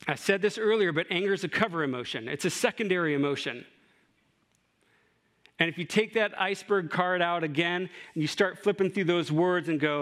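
A man's voice: high voice, fairly quick, a bit bright. A middle-aged man preaching a sermon in a conversational way, with asides and rhetorical questions. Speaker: pastor.

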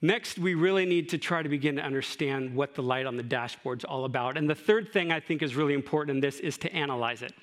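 A man's voice: fairly high pitch, fast talker, hardly any pauses. A middle-aged man preaching a sermon in a conversational way, with asides and rhetorical questions. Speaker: pastor.

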